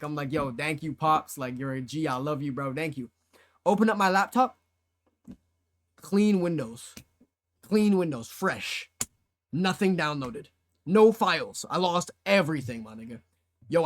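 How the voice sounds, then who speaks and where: A man's voice: high voice, a bit bright. A young man streamer telling a story to his live chat in casual slang, acting out his own past reactions.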